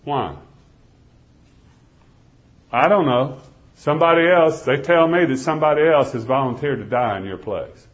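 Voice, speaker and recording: A man preaching a sermon, telling a first-person story, swinging from loud pleading to hushed, near-whispered lines. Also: medium pitch, normal speed, pauses often. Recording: dull lo-fi recording.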